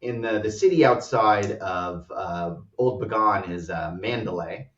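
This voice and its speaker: An American startup co-founder, appearing as a guest, tells a travel story in a loose, rambling style packed with "like." His voice is on the low side, a little slow and somewhat bright. The audio sounds roomy, distant and dull.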